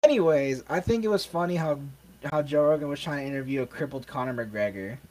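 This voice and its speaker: A man's voice: a little high, quick pace, darkish tone, low-quality recording. A young American man hosting a casual podcast, rambling with many fillers and restarts. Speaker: podcast host.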